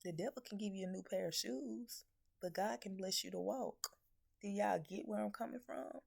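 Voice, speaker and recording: A woman's voice: medium pitch, moderate pace, creaky, darkish tone. A woman spiritual reader delivering a blunt, profane, scolding message that is full of rhetorical questions. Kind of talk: blunt preaching message to viewers.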